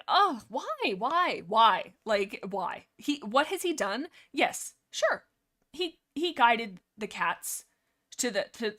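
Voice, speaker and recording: Woman yapping on a livestream about books, sarcastic, lots of likes and restarts. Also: medium pitch. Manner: animated, sarcastic, many fillers and restarts. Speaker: streamer discussing a book series. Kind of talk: casual rambling book discussion.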